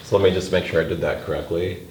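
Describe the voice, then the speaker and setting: A man's voice: deep voice, steady tone, a little mellow. A man teaching a geometry lesson, thinking aloud as he works through a proof step by step. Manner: slow, thinking aloud while working a proof. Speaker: math teacher. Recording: roomy recording with faint noise.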